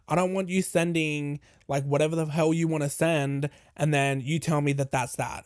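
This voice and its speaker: Young guy podcast storytime, kinda high voice, dry close mic, swears a lot, acts out the convo. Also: no room sound. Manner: candid, swearing, animated retelling with quoted dialogue. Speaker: podcast host. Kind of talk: casual storytime.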